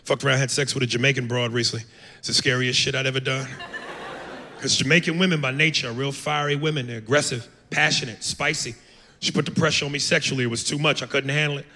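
Brash American male comic, gravelly and forceful, on a reverberant club stage. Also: medium pitch, fairly even intonation, quick pace, a little hiss or hum. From United States. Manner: brash, profane, acts out accents. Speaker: stand-up comedian. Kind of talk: stand-up comedy set. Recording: long hall reverb.

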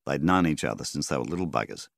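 A very deep, gravelly Australian man narrates a rural story in steady storybook fashion. His delivery rises and falls with lively intonation, and the recording is close and dry. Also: fast, no room sound. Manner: steady storyteller, voices the characters. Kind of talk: audiobook narration.

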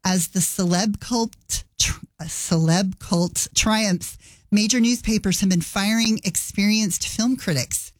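A woman's voice: mid-range voice, dry recording. Woman, radio host, casual chat, wry, dry close sound.

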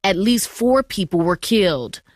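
A woman's voice: medium pitch, unhurried, no echo, studio quality. Woman radio host introducing a report. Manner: even, formal delivery. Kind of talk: news presenting. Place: radio studio.

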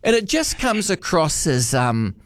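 A man's voice: high voice, lively intonation, brisk, a bit bright, no room sound, studio quality. A middle-aged man with a New Zealand accent hosting radio talkback, teasing a caller and talking over him. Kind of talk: casual talkback chat.

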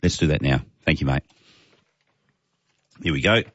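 A man's voice: extremely low pitch, expressive, normal speed, fairly bright tone, no room sound, dull audio. A man with an Australian accent hosting talk radio, reading listener texts in a chatty, jokey, matey way. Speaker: radio host.

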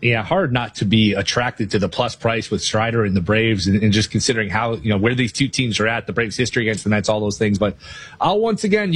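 A man talking casually about his baseball bets, quick and self-deprecating, with a loose and chatty delivery. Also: mid-range voice, breathy edge. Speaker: sports betting analyst guest. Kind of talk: casual betting talk.

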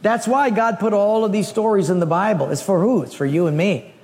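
A man preaching a sermon, telling a Bible story in an animated way with humorous asides. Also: high-pitched, brisk, big-room sound. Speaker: pastor.

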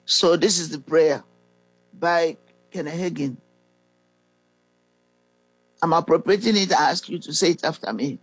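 A preacher reading scripture and leading a listener through a prayer of salvation, pausing often with fillers and clearing the throat. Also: mid-range voice, no echo, poor audio. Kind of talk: slow devotional teaching and guided prayer.

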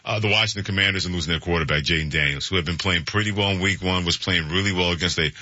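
A man hosting sports talk radio with a very bright, husky voice. His delivery is energetic and chuckling, recorded dry and a little muffled. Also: low voice, racing, no room sound.

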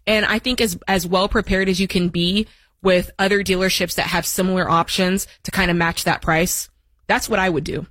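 A woman's voice: lowish voice, level tone, moderate pace, fairly bright tone, no echo. A woman co-hosting a call-in advice show, laying out practical steps in a casual, conversational way. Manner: practical, step-by-step advice giver. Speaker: co-host of a call-in money show. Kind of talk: casual radio advice chat.

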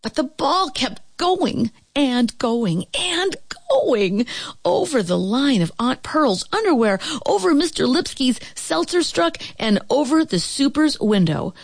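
A woman reading a children's storybook aloud in an expressive voice that rises and falls with the action. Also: sits high, creaky, no echo. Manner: expressive, rising and falling with the action.

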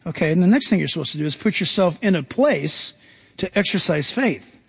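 A male pastor delivers a sermon with animated energy, slipping into the voices of the figures he talks about. His voice sits high and swings widely in pitch, with a husky edge. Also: fairly quick.

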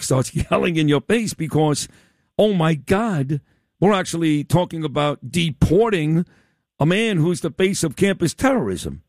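Emphatic talk radio host with swooping pitch. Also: male voice, darkish tone, no room sound, clean studio sound. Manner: emphatic, sweeping pitch swings, teasing. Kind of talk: opinionated talk radio interview.

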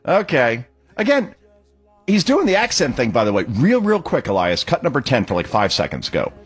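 Male talk radio host, husky, swings his pitch widely, sarcastic and emphatic. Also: huge pitch swings, moderate pace. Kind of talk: opinionated talk radio commentary.

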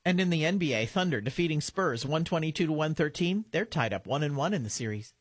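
A man reading a local radio news update, rattling off sports scores at a brisk clip. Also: on the high side, expressive, husky, no room sound.

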